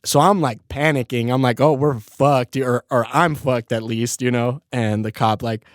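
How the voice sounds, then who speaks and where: A young man on a podcast tells a story in an easygoing, slangy way, breaking into laughter again and again. His voice sits in an ordinary middle pitch. It is recorded dry and close, with no room sound. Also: steady tone, normal speed, no room sound. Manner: laid-back, laughs often, heavy swearing and slang. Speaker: podcast host. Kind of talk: casual storytelling.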